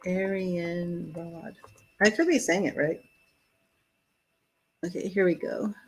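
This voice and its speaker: A woman's voice: medium pitch, sing-song, measured pace, breathy edge, poor audio. A woman hosting a live-streamed tarot reading, chatting casually, laughing often and reading card messages aloud. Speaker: tarot reader.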